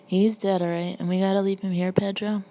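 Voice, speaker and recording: A woman reading the part of a loud, boastful Marine colonel who mocks everyone around him. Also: mid-range voice, level tone, a little fast, dull audio, a little hiss or hum, close to an everyday voice. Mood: mocking. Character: brash hulking male Marine colonel, swaggering.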